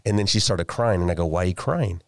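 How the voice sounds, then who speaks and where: A man's voice: low-pitched, fast, gravelly, no echo, clean studio sound. A middle-aged man in his forties, a podcast guest, telling a family story in casual chat, restarting and repeating words as he goes.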